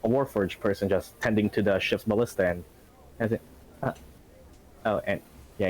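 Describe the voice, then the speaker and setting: A man's voice: fairly low pitch, normal speed, long pauses, poor audio. A man narrating a tabletop game as game master, rambling with many fillers and laughing often.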